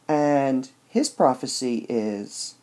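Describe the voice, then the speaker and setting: Warm and medium-pitched, a man speaks very slowly as he reviews a play in a laid-back lecture. He goes step by step, uses filler words, and says "all right" a lot.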